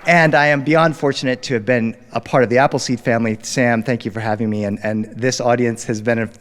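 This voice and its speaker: A man telling a family story to a live audience on stage with animated, rhythmic delivery. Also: mid-range voice, fairly quick, big-room sound.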